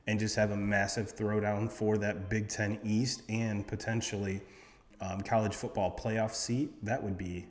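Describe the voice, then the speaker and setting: A man's voice: lowish voice, darkish tone, long reverb tail. A man hosting a casual sports talk show, reading off game stats with lots of ums and restarts. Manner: rambling, reads off stats with many fillers. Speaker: sports podcast host.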